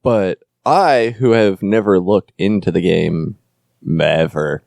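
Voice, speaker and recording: Male podcast host, low gravelly voice, dry close sound, rambling and joking. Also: darkish tone, no echo. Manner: joking, rambling, quick self-corrections. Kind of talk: casual chat about board games.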